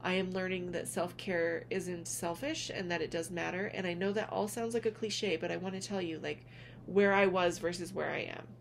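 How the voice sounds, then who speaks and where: A woman speaking gently and earnestly to her viewers in a heartfelt vlog, calling them honey as she encourages them. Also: fairly low pitch, fairly even intonation, moderate pace, vocal fry, slight background noise. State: tearful at moments. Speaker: spiritual vlogger, reader. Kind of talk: heartfelt direct-to-camera vlog.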